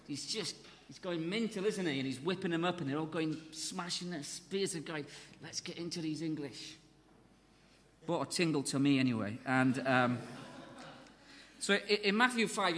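A fairly high, light-voiced man gives a sermon full of energy and jokes. He acts out the voices of crowds and speakers as he tells it, and his voice rings through what sounds like a large hall.

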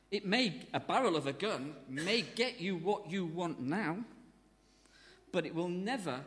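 A man preaching a sermon with a light, fairly high voice. He is lively and jokey and slips into voices of crowds and speakers as he tells it. His words ring out with a long reverb, as in a large hall.

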